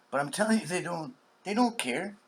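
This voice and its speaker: Middle-aged male vlogger, rambling and profane, bright edgy tone, lurches from hushed whispers to yells. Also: high-pitched, vocal fry, a little hiss or hum. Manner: profane, swings between whispers and shouts. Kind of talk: rambling monologue.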